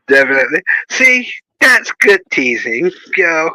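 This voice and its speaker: A man chatting casually as host, telling animated stories and laughing often. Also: fairly high pitch, a little slow, dry recording, rough recording. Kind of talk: casual chat.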